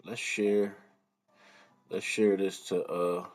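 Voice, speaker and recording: A man's voice: low voice, little pitch movement, takes it slowly. A man hosting a live stream in casual commentary, rambling and swearing as he mutters to himself while fumbling with the computer.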